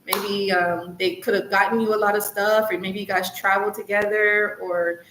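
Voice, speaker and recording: A woman's voice: mid-range voice, level tone, moderate pace, a bit bright. A woman hosting her own advice vlog. She talks casually and earnestly, with lots of "like" and "you know", and repeats points to encourage the listener. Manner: chatty, loose, full of "like" and "you know". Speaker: channel host, coach on recovery from narcissistic abuse. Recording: echoey room with faint background hiss.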